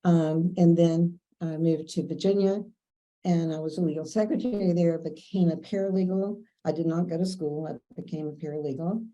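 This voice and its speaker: A woman's voice: lowish voice, fairly even intonation, moderate pace, warm tone, low-quality recording. An older woman from Kentucky, telling chatty stories from her working life and acting out the dialogue in them. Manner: chatty, anecdotal, quotes others in dialogue. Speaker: interviewee. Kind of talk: casual storytelling.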